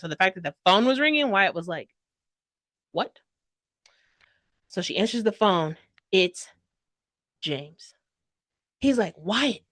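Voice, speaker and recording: A woman giving a casual book review, gushing and chatty, full of fillers, acting out characters' lines with sudden loud outbursts. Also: medium pitch, no room sound. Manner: dramatic quoted voices and sudden loud outbursts.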